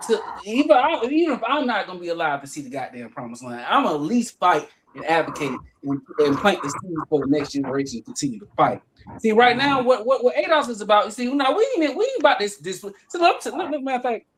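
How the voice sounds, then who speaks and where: A man's voice: sits high, a bit bright, a little hiss or hum. A man from Atlanta with an Atlanta Southern accent, ranting emphatically and profanely on a livestream, often repeating himself. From Atlanta, Georgia. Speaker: livestream guest. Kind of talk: heated livestream rant.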